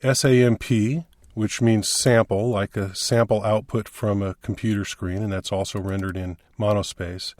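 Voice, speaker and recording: A man with a fairly low voice walks through a coding tutorial as a screencast instructor. He explains each point in plain, step-by-step teaching talk. The recording is dry and close, with no room sound. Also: fairly even intonation, moderate pace, hardly any pauses, darkish tone, no room sound.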